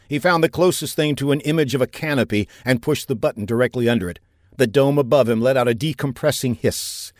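A man narrating a science-fiction audiobook in a measured, steady storytelling manner that builds during action scenes. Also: medium pitch, no echo, clean studio sound. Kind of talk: scripted narration.

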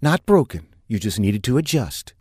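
A man voicing a tough, bossy adult rebel woman in an audiobook, brisk and commanding. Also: fairly low pitch, very animated, darkish tone, breathy edge, dry recording, clean studio sound. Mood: wry, teasing.

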